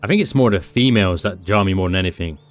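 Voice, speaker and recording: A man's voice: deep voice, fast talker. A British man giving chatty, rambling commentary on his game stream, with self-mocking asides. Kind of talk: casual gameplay commentary.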